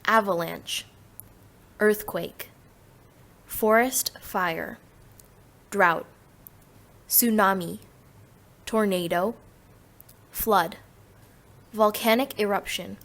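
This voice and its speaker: A woman reading flashcard words one at a time with clear pauses, as a pronunciation guide for young learners. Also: mid-range voice, a bit bright. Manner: slow, careful, one word at a time with pauses.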